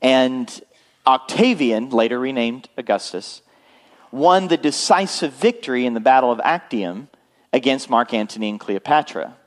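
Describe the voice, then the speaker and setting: A man's voice: mid-range voice, animated, moderate pace. Male pastor, conversational sermon delivery, frequent check-ins with the congregation. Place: church.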